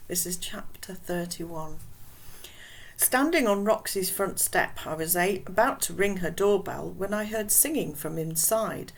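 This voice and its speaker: Woman reading a children's chapter book aloud, low-ish pitch, relaxed and chatty. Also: measured pace, low-quality recording. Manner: casual, chatty. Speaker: reader.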